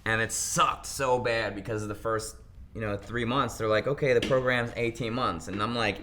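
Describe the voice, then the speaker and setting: There's slight background noise as a young Pennsylvania man, a guest being interviewed, relates his story in a lowish voice at a moderate pace. He's casual and animated, acting out the dialogue of the people he describes.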